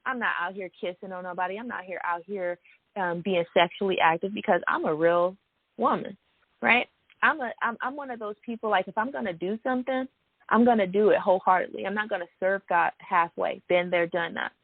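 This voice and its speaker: A woman's voice: mid-range voice, brisk, no room sound. Woman, faith vlogger sharing a testimony, emphatic and earnest, thin phone-like sound, dry. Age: adult. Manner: earnest and emphatic, with many "you know" and "right?" asides. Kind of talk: personal testimony to viewers.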